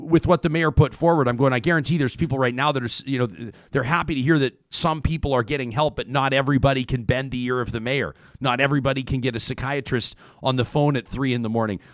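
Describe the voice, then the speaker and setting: A man's voice: mid-range voice, dry recording. Guy hosting a live talk show, chatty, keeps restarting his words, dry close mic. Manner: conversational, repeats words when restarting. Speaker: host.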